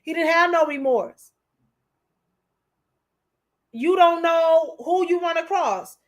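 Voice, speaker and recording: Emotional, preachy high-voiced woman. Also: slow pace, highs cut off. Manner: preachy, repeats herself, calls listeners honey. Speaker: commentator. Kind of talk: emotional commentary.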